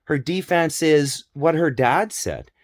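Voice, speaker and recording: A vlogger with a fairly high voice and lively intonation speaks slowly and directly to his audience about family abuse. He's emphatic and repetitive, swearing openly, and the studio-quality recording has no echo.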